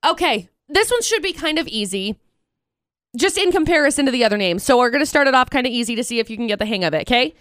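A young woman with a high, smooth, clear voice running a playful quiz as a radio co-host. She is upbeat and stops now and then to spell words out letter by letter. The sound is close and dry. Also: animated, fast, fairly bright tone, dry recording. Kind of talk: casual radio banter.

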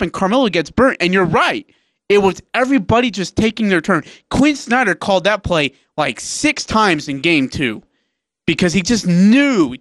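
Animated, fast-telling sports radio man. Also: sits high, no echo, studio quality. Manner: animated storytelling, acts out players. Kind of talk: casual sports talk.

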